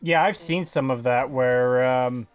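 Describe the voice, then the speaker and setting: A man's voice: mid-range voice, a little slow, smooth, faint music behind. A man chatting casually on a gaming stream, arguing his points with frequent swearing. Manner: argumentative, profane.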